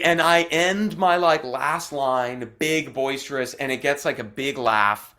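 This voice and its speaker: A young adult man from Arizona, an actor telling stories as a guest, animated and chatty with lots of "like" fillers. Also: on the high side, unhurried, few pauses. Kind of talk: casual storytelling in interview.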